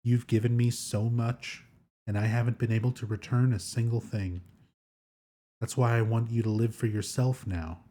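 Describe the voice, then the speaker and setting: A man reading aloud as a dying young wife writing her farewell letter in a soft, subdued voice. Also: mid-range voice, steady tone, normal speed, lightly acted. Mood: sorrowful.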